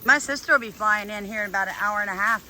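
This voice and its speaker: A woman's voice: mid-range voice, rapid-fire, sharp tone, slight background noise. A woman vlogging on a farm visit, chatting casually and exclaiming with enthusiasm outdoors. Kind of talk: casual vlog chat.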